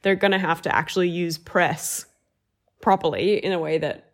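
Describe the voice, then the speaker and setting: Animated young woman co-host. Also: on the low side, moderate pace. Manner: animated, opinionated, swears casually. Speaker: podcast co-host. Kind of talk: casual chat.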